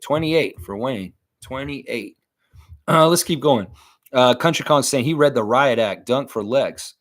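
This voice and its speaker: A man hosting a live stream, chatting casually and reading viewer comments aloud between rambling thoughts. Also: medium pitch. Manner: rambling, reads chat aloud, laughs often.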